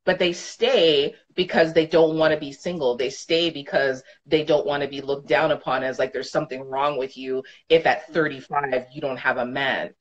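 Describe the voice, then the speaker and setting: A woman's voice: a bass voice, steady tone, moderate pace, few pauses, muffled recording. A woman in her thirties co-hosting a podcast, talking frankly and emphatically, swearing freely in casual chat. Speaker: podcast co-host.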